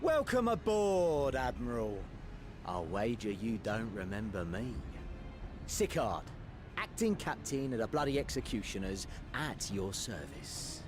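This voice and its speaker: An actor voicing a defiant, mocking pirate captain in a video game, with a swaggering delivery. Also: male voice, mid-range voice, big pitch swings, a little slow, background noise.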